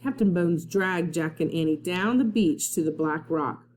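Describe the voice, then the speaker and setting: A woman's voice: lowish voice, a little slow, darkish tone, slight background noise. A woman first-grade teacher reading a chapter book aloud to her class in a chatty way, laughing at her own slips.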